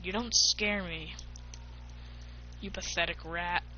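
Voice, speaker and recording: A brash, teasing teen boy ninja, as a woman puts him on in a homemade fan story. The voice is bright and forceful. The recording is dull and lo-fi, with a faint hiss behind it. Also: on the low side, fairly even intonation, slow, voice pushed down, heavily acted. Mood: taunting. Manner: taunting, mocking.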